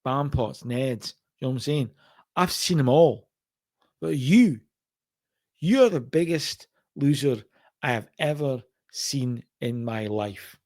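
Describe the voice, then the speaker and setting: A man's voice: mid-range voice, animated, slow, a little mellow, voice pushed down. A man doing a sneering Scottish wrestler heel. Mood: mocking. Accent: put-on Scottish. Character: sneering male wrestler, cocky taunting heel.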